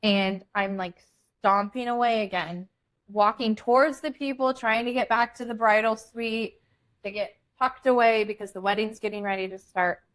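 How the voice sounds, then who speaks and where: A young woman with an average-pitched voice tells a story in a relaxed podcast chat. She is blunt and lively and swears without hesitation. She keeps the story rolling between quick asides. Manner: animated, blunt, swears freely. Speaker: podcast co-host.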